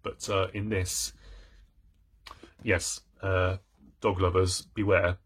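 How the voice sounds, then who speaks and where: A man's voice: low-pitched, little pitch movement, slow pace, breathy edge. A man in his thirties chatting playfully about books on his channel, theatrical and self-mocking. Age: 30s. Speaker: book vlogger. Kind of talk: casual chat about books.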